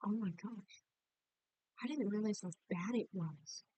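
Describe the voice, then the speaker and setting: A woman's voice: mid-range voice, measured pace, warm tone, no room sound, rough recording. A young woman, a college student, chatting candidly in a rambling, apologetic way as she narrates her game build, sounding worn out. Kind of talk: casual voice-over chat over a game build. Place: at home by a laptop.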